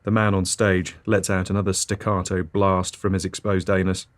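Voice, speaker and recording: A man's voice: deep voice, flat delivery, moderate pace. A man hosting an absurdist comedy podcast, reading scripted nonsense in a dry, matter-of-fact way. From Britain.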